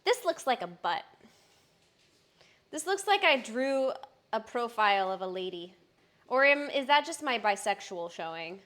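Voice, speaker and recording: A woman's voice: mid-range voice, fairly bright tone. A young adult woman, a personal trainer, chatting casually and upbeat on a live stream, with frequent fillers.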